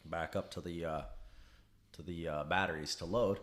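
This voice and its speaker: A man's voice: low voice, normal speed. A young man telling a work story in casual chat, swearing freely and acting out the people he quotes. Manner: profane, animated storyteller who acts out quotes. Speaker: podcast guest.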